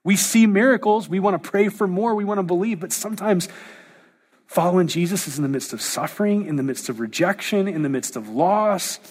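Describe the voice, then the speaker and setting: A man preaching to his church in a slightly high, husky voice. He is animated and lively, slipping into playful impressions of others as he goes. The sound rings with a long hall reverb. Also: a little fast. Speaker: pastor. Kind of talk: sermon.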